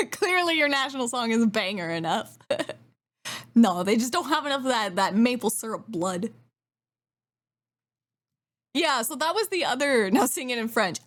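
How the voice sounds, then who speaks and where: A woman's voice: on the high side, sing-song, moderate pace, pauses often, a bit bright. A young woman from Western Canada, chatting casually on a live stream, giggling often and trailing off with fillers.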